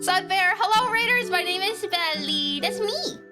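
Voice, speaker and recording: A woman streaming live, chatting casually to her viewers in an excitable, rambling way with frequent giggles. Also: extremely high pitch, normal speed, over music. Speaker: streamer and animator. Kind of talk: casual livestream chat.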